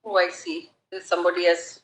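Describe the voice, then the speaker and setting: A woman making a formal, deliberate argument to a court as an advocate. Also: fairly low pitch, flat delivery. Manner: deliberate, formal, addresses the bench as my lords. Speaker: advocate arguing before the court. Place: large courtroom. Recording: roomy courtroom sound.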